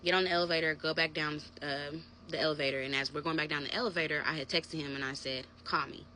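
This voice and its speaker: A young adult woman narrating a personal story to her viewers in a casual, animated storytime vlog. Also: low-pitched, fast talker, a little hiss or hum. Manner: animated, conversational storytelling, addressing viewers as "y'all". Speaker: vlogger.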